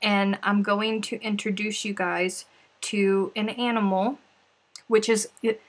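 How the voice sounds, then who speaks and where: A woman's voice: medium pitch, level tone, slow pace. A woman hosting a casual crafting livestream, chatty and playful, often sighing and laughing between remarks. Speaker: livestream host.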